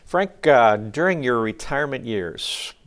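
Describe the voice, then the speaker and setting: A man's voice: mid-range voice, expressive, measured pace, a bit bright. Male pastor interviewer, brief and affirming.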